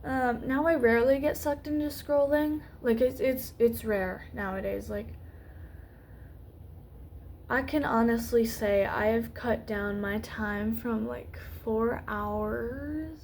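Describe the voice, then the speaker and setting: A young woman talking slowly in a casual vlog, her voice a little high and starting to go hoarse. She rambles, trails off and restarts her sentences with lots of fillers. Faint noise hums behind her. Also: fairly even intonation, a little mellow. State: losing her voice. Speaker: YouTuber. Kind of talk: rambling unscripted vlog talk.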